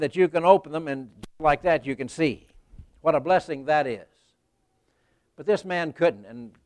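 A male preacher giving a sermon in a folksy storytelling way, talking right to the congregation and rising to loud emphasis. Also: a little high, no echo.

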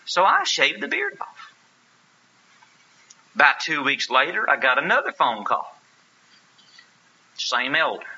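A man's voice: fairly high pitch, wildly swooping pitch, slow pace, long pauses, sharp tone, a little hiss or hum. A man preaching a sermon, telling a story with earnest, emphatic rhetorical questions. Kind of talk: sermon with anecdote. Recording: lo-fi sermon recording.

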